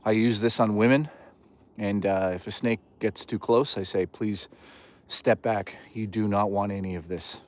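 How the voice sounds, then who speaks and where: A man putting on a mock deep, masculine voice to thank viewers with a smug, seductive rumble. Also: steady tone, close to an everyday voice. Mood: mock suave. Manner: low, slow, put-on seductive rumble.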